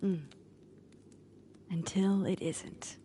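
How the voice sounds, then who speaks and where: An actress voicing a young woman who speaks softly about a heavy burden in a game clip. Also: medium pitch, steady tone. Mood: wistful. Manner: soft, slow, half-whispered. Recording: game clip with ambient noise.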